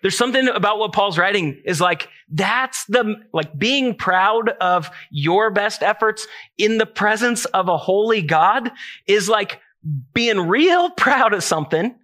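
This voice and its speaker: A man's voice: high-pitched, lively intonation, slow, bright, forceful tone. A man preaching a sermon in a casual, conversational way, mixing scripture with self-deprecating family stories. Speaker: pastor.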